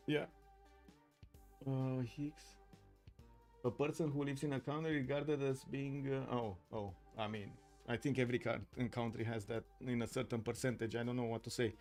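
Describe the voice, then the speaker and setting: A man's voice: mid-range voice, vocal fry. Romanian-accented man casting a live game. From Romania, Bucharest. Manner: excitable, many filler sounds and restarts. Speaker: tournament caster and streamer.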